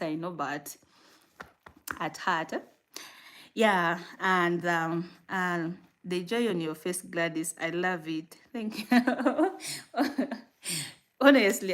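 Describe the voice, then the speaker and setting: Chatty Ugandan woman, lower voice. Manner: chatty, animated storyteller. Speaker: vlogger on a livestream. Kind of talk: casual livestream chat.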